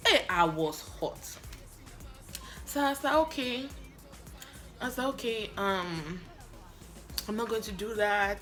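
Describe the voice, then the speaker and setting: A woman from Africa telling a story in a lively vlog, acting out both sides of her phone calls. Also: medium pitch, slow pace, pauses often, faint music behind. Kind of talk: animated story-time vlog.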